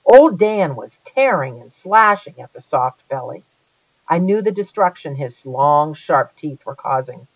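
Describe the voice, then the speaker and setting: An audiobook reader telling a first-person story with a lively, dramatic delivery. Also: mid-range voice, a little slow, no echo, muffled recording.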